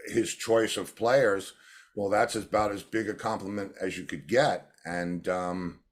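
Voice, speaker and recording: Low-pitched and unhurried, this man is a drummer and producer sharing stories during an interview. He's a lively storyteller who performs the voices of the people he quotes.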